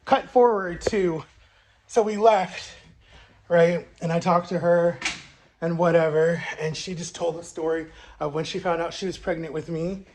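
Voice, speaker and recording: A man's voice: a little high, steady tone, measured pace, a little mellow, a little hiss or hum. A young man in his twenties casually telling a personal story to his viewers in a chatty, rambling way, full of "like" and "right?". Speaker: vlogger.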